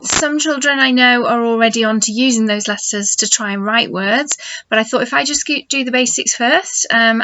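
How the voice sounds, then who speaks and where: A middle-aged woman teaching phonics to young children, slow and encouraging as she models sounds for them to copy. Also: on the high side, bright, forceful tone, a little hiss or hum. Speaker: nursery teacher. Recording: dull lo-fi home video sound.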